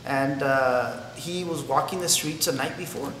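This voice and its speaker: A man's voice: mid-range voice, unhurried, fairly bright tone. A man recalling a political campaign in a documentary interview, speaking earnestly and reflectively. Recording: echoey room, long reverb, faint noise.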